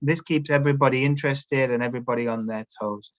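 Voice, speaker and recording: A teacher trainer presents a workshop webinar from a video call camera setup, his medium-pitched voice steady and fast, the sound lo-fi. He gives instructions in a coaching tone and keeps checking in with listeners by asking "all right?"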